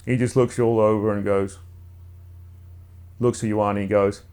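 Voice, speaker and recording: Rambling New game master. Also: male voice, on the low side, flat delivery, moderate pace, a little mellow, smooth. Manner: casual, rambling, full of fillers. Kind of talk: narrating a tabletop role-play.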